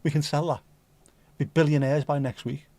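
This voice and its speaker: A man's voice: on the high side, fairly even intonation, moderate pace, darkish tone, no room sound. A man with a mild Scouse accent hosting a casual livestream chat, joking and rambling cheekily. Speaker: livestream host.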